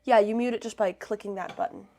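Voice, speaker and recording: A woman's voice: medium pitch, steady tone, quick pace, warm tone, a little hiss or hum. A woman chatting on a live stream, playful and teasing as she bickers back. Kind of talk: bickering livestream chat.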